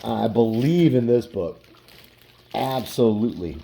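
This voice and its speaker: A man hosting a casual collection vlog, relaxed and rambling, with lots of "like". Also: mid-range voice, a little slow, gravelly, a little hiss or hum. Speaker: comic book collector.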